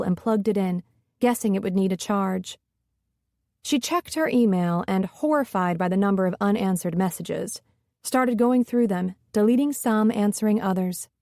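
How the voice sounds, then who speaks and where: A woman narrating a romance audiobook with a smooth, steady reading. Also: medium pitch, no echo, studio quality. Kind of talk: scripted narration.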